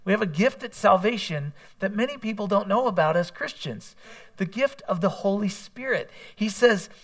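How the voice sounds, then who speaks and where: A man's voice: sits high, expressive, normal speed, a bit bright. A man preaching a sermon in a conversational way, mixing scripture with candid personal asides. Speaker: pastor.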